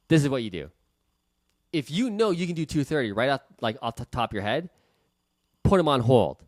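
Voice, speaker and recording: A man's voice: medium pitch, big pitch swings, fairly quick, pauses often, dry recording. Guy teaching sales calls, swears a lot, acts out the phone lines, dry close sound. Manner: blunt, profane, acts out phone calls in different tones. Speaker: real estate investor teaching sales calls. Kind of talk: casual coaching talk.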